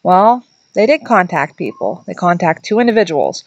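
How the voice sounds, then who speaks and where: A middle-aged woman tells a ghost story in a loose, chatty way, wandering into asides and restarting her sentences. Her voice sits fairly low for a woman. The sound is dry and close, with little room around it. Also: sing-song, moderate pace, dry recording, dull audio. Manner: acts out quoted voices in a higher pitch. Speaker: vlogger telling a ghost story. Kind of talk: casual storytelling to camera.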